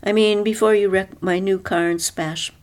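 A woman voicing a bold, sharp-tongued woman who snaps orders and turns lilting and mock-innocent when she needs to. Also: mid-range voice, steady tone, moderate pace, close to an everyday voice. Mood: mock-sweet.

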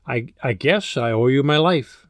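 A man's voice: medium pitch, lively intonation, normal speed, no echo, studio quality, close to an everyday voice. A man doing a coy flirtatious woman. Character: flirtatious middle-aged woman, coquettish.

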